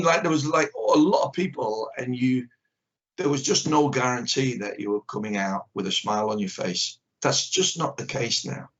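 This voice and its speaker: An older man, a karate teacher, speaking bluntly and with strong opinions as an interview guest on a video call. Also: medium pitch. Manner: blunt and opinionated, acts out little exchanges. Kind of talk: candid conversation. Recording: dull lo-fi video call audio.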